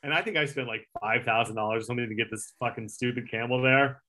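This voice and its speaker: A former late-night segment producer in middle age talks fast, his mid-range voice pushed and bright over a little hiss or hum. Telling a long story in a casual interview, he wanders, swears freely, piles on fillers, and acts out quotes.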